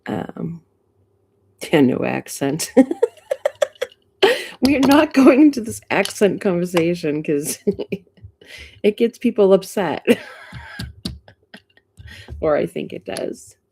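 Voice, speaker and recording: A woman's voice: on the low side, sing-song, takes it slowly, pauses often, warm tone, slight background noise. A middle-aged woman with a Boston accent, hosting a live stream in casual chat, greeting viewers and laughing often.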